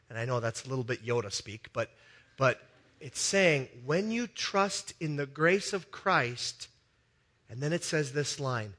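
In a balconied church, a male pastor preaches a sermon in a mid-range voice at a slightly slow pace. His story moves back and forth between excited, loud passages and quiet, hushed ones.

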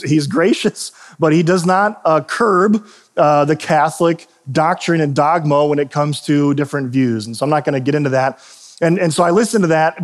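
A male pastor delivers a sermon in a church in an easygoing, conversational manner. His voice sits a little high for a man. He stumbles, restarts and throws in self-deprecating asides as he goes.

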